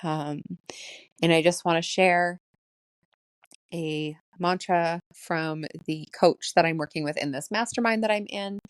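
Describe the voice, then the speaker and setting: A woman's voice: on the low side, fairly even intonation, unhurried, clear, resonant tone, no room sound. A woman in her late thirties hosting a solo spiritual podcast, emotional and laughing often, her voice shaking as she holds back tears. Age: late 30s. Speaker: podcast host.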